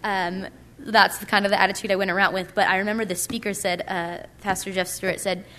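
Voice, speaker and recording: A woman's voice: medium pitch, level tone, fast talker, bright, forceful tone, slight background noise. A young woman giving a casual, chatty personal testimony at a conference, full of likes and ums. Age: young adult. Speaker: speaker at a purity conference.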